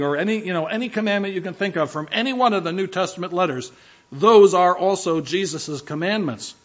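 A man's voice: high voice, animated, brisk, lo-fi sound. A man preaching a sermon as pastor, emphatic, driving home key phrases by repeating them.

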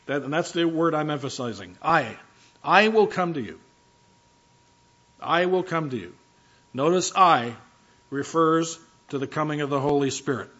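A man's voice: on the high side, fairly bright tone, dull audio. A male pastor giving a conversational sermon, teaching with rhetorical questions and asides.

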